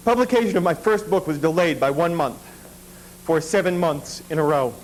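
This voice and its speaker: A man with a fairly high voice tells a long personal story on stage. His delivery is dry and self-deprecating, and the jokes land without any push. A faint noise sits behind him. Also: normal speed, low-quality recording. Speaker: stand-up storyteller. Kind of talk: stand-up comedy storytelling.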